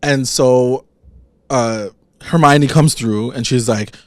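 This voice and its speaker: A man's voice: mid-range voice, takes it slowly, no room sound, studio quality. A man co-hosting a podcast, casually retelling scenes in slangy talk and acting out quotes. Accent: Canadian. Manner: laid-back slangy retelling with acted-out quotes. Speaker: podcast co-host. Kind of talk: casual recap chat.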